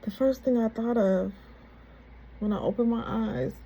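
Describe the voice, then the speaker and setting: A woman candidly retelling a personal story in a casual, halting, conversational way. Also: fairly high pitch, warm tone, breathy edge, rough recording.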